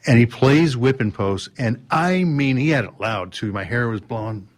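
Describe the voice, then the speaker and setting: Male guest, mid-range voice, animated storyteller, acts out quotes, frequent restarts. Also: medium pitch, moderate pace. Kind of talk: storytelling in a podcast interview. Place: drum showroom.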